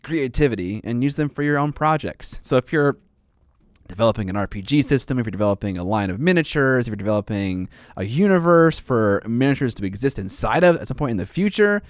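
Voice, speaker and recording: A man's voice: mid-range voice, expressive, a little fast, dry recording. A man co-hosting a casual hobby podcast, talking in a mid-range voice. He rambles through news items with plenty of fillers and restarts. The sound is close and dry. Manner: rambling, filler-heavy, laughs easily. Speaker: podcast co-host. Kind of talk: casual chat.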